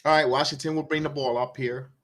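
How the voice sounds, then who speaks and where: A man with a bright, fairly high voice calls a basketball game live for fellow fans. He reads out scores and plays in short bursts and swings between dry sarcasm and heated complaints about the coaching. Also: fast. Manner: excitable, sarcastic, rants at the coach. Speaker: watch-along play-by-play host. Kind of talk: live fan play-by-play commentary.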